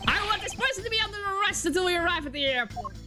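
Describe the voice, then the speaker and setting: A woman's voice: extremely high pitch, lively intonation, very fast, music in the background. A woman voicing a haughty, wealthy male art dealer who talks in a pompous, arrogant way.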